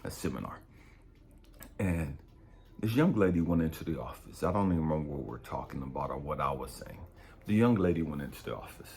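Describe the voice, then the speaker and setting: A man, a spiritual coach, telling a story in a blunt, profane, animated way. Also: a bass voice, brisk, vocal fry, slight background noise. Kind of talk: casual storytelling monologue.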